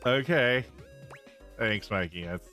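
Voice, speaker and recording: A man's voice: fairly low pitch, takes it slowly, over music. A man streaming a video game, giving casual commentary full of dry, sarcastic muttering.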